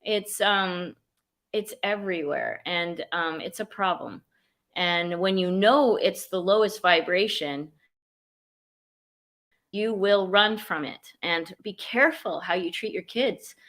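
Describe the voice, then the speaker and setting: A woman's voice: lowish voice, slow, a bit bright. A woman, a life coach and guest, speaking frankly and emphatically over a video call. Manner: frank, emphatic, says "run" as advice. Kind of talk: casual video-call chat.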